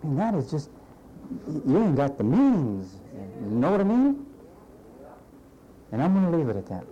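A man preaching a sermon in a conversational, animated way, acting out the voices of the people he quotes. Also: on the high side, normal speed, dull audio, a little hiss or hum. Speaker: pastor.

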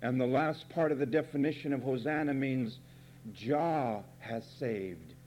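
A man's voice: mid-range voice, unhurried, a little mellow, muffled recording, slight background noise. A man preaching a fiery, sarcastic sermon from the pulpit, emphatic and blunt. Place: church pulpit.

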